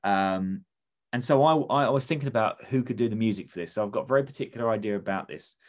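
Man, casual comedic chat, rambling, enthusiastic, fairly low pitch. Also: quick pace. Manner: rambling, enthusiastic, many restarts. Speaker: podcast co-host.

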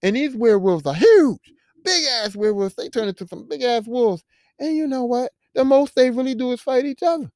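A podcast host ranting about a movie in a casual, profane, animated way, full of rhetorical questions. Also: medium pitch, fairly quick, dry recording, studio quality.

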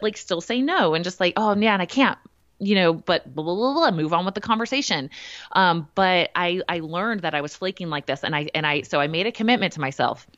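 Blunt, animated woman on a dull line. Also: lowish voice, no room sound. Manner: animated, blunt storytelling with quoted asides. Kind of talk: casual chat. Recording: dull lo-fi dry sound.

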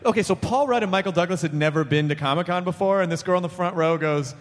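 Guy hosting a live podcast, high animated voice, joking around, big echoey theater hall. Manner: joking, quick riffing, swears freely. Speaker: podcast host. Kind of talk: live comedy podcast banter. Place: theater stage before a live audience. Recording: long reverb of a theater hall, faint noise.

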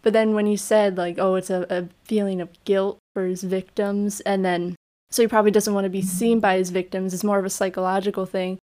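Animated woman chatting about a film. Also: mid-range voice, fairly quick. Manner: animated, acts out quotes from the film. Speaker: podcast co-host. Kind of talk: casual film review chat.

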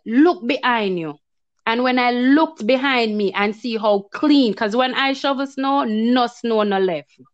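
A woman's voice: a little high, no room sound. A woman tells a personal testimony in casual talk, acting out her own past words with feeling. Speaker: guest telling her story. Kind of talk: emotional testimony in casual chat. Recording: dull, lo-fi sound.

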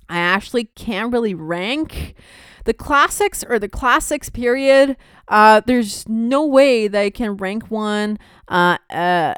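A young woman with a fairly high, clean voice hosts a podcast, chatting casually and rambling with plenty of fillers and laughs. The recording is dry, with clean studio sound.

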